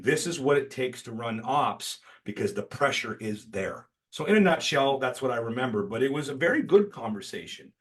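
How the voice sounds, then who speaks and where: A man with a slightly low voice hosts a podcast in a casual storytelling chat. He talks bluntly and emphatically, often joking at his own expense. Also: a bit bright. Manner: emphatic, blunt and self-deprecating, with swearing. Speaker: podcast host.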